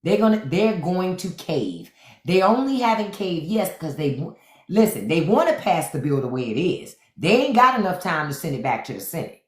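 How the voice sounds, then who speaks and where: A woman's voice: lowish voice, sing-song, normal speed, reverberant. A woman hosting a live stream, ranting about politics to her chat in a profane, sarcastic, mocking way. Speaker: podcast host on a live stream. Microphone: phone.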